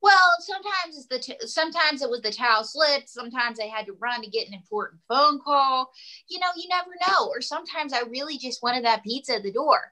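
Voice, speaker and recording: A woman's voice: high voice, fairly quick, low-quality recording. A woman comedian and ventriloquist, telling jokey stories and plugging her product on a talk show. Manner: animated, self-promoting, jokey storytelling. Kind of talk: casual talk show chat.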